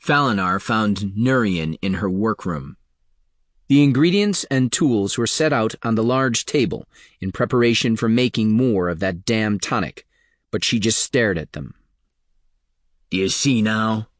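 A man narrating a fantasy novel in a steady, even storytelling voice. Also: on the low side, measured pace, dry recording, clean studio sound. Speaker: audiobook narrator. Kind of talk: scripted narration.

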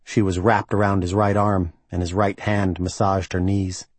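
A man reading a novel aloud as the narrator, in an even, measured manner. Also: low voice, husky, no room sound. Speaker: audiobook narrator. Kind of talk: scripted narration.

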